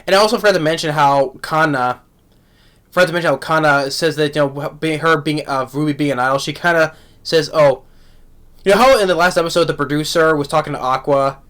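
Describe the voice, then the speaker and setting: Halting man with a raised voice. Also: on the high side, fairly bright tone. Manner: halting, many restarts and repeated words; laughs often while talking. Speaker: anime reviewer. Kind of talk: casual spoken review.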